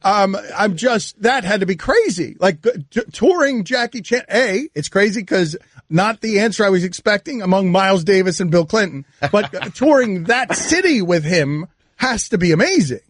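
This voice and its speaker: Man with a high voice, radio talk host, dry close studio sound, teasing banter, stammering questions. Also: sing-song, no echo. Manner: quick, teasing, stammers through his own questions.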